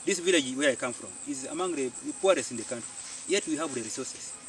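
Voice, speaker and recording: A Ugandan man, a farmer and community organiser, telling his story in an animated way and repeating phrases for emphasis, recorded outdoors. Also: mid-range voice, brisk, slight background noise. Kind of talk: storytelling interview. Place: outdoors on a farm. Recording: distant mic outdoors, faint insects.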